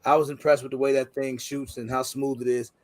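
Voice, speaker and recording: A man's voice: mid-range voice, flat delivery, a little fast, darkish tone, dry recording. A man hosting a casual livestream chat, laid-back and joking, full of slang. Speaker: podcast host.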